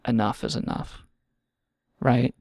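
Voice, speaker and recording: A man's voice: medium pitch, flat delivery, slow pace, a little mellow, no echo, studio quality. A man hosting a show, ranting in a rambling, sarcastic and profane way. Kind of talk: casual comedic rant.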